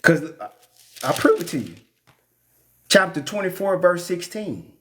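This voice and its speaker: A man's voice: high-pitched, very animated, measured pace, fairly bright tone. A man reading the Bible aloud and commenting in a blunt, joking, preacherly way. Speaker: Bible teacher.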